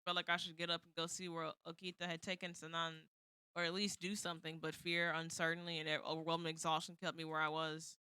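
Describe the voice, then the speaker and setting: A woman's voice: lowish voice, monotone, quick pace, bright, forceful tone, clean tone, no room sound. A woman streamer reading a visual novel aloud, moving from dramatic narration to flustered, exasperated asides.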